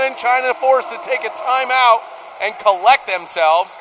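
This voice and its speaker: A man giving live play-by-play commentary, rising to shouts on big plays, heard over a noisy arena broadcast. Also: very high voice, unhurried. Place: poolside at an indoor arena.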